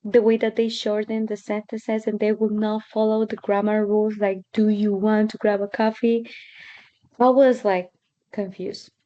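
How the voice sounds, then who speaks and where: A woman's voice: level tone, moderate pace, dark tone. A woman hosting an English lesson, talking casually with frequent fillers as she shares her own experience. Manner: conversational, with fillers like "um" and "like". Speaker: host of an English lesson channel. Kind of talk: casual spoken commentary. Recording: dull low-fidelity recording.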